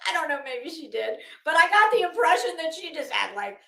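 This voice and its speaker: High bright chatty woman, echoey room. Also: sing-song, normal speed, vocal fry. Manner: rambling, many restarts and fillers. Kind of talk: casual chat.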